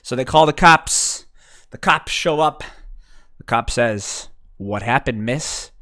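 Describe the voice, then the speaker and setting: A young man delivers a profane, sarcastic comedy rant in his own vlog. His voice is bright and forceful with a slightly high pitch, and he swings between mocking and exasperated. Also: slow pace. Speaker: vlogger.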